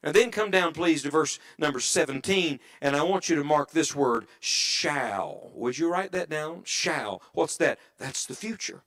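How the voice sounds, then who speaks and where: A middle-aged man preaching a sermon in church, dropping to an earnest hush and rising to emphatic calls, often asking the congregation questions. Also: on the high side, lively intonation, measured pace, few pauses. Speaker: evangelist preacher.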